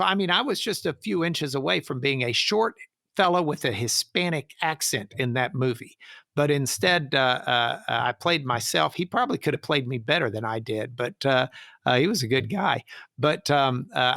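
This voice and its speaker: A man's voice: mid-range voice, normal speed, gravelly, no echo, studio quality. A middle-aged man, a trial lawyer, telling stories in an interview and acting out the people he quotes. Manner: animated storyteller, acts out quoted voices. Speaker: trial lawyer, podcast guest. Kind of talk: storytelling interview answer.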